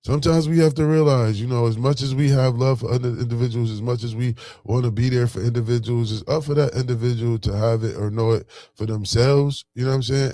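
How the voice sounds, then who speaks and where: Recorded dry and at studio quality, a man's mellow, mid-range voice carries a Buffalo, New York accent. He's a vlogger from Buffalo giving a casual, slang-heavy motivational talk, constantly saying "you know what I'm saying."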